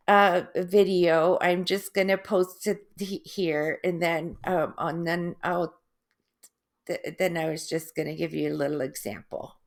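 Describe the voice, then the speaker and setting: A middle-aged woman talking in a casual personal video, halting, with restarts, long pauses and drawn-out, oddly stressed syllables. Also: fairly low pitch. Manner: laughs softly at herself. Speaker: vlogger sharing her stroke recovery.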